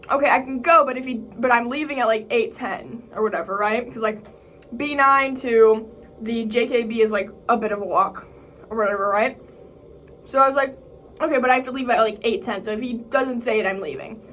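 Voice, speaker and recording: A young woman in college vlogs casually in a slightly bright voice, peppering her talk with "like" and "bro." She acts out what other people said in a higher voice, and there's slight background noise.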